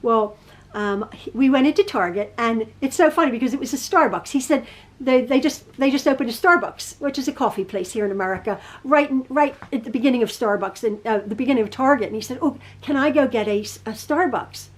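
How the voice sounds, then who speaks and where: Casting: middle-aged woman host, chatty and rambling, fairly high voice, homey storytelling. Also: fast talker. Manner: chatty, rambling, self-correcting. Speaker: quilting channel host. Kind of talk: casual storytelling. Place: home sewing room.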